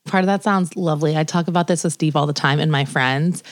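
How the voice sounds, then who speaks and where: A woman's voice: sits low, fast talker, no echo, clean studio sound. A woman, a new mother, co-hosting a podcast in frank, emotional casual chat. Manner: emotional, reflective, frank, with frequent fillers. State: new mother two months postpartum. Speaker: podcast co-host.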